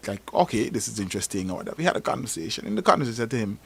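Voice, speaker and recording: A man from Antigua with an Antiguan accent, telling stories on a talk show in an animated, emphatic way. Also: mid-range voice, racing, vocal fry, hardly any pauses, slightly rough, no room sound. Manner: animated storytelling, rising to emphatic peaks. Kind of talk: casual talk show discussion.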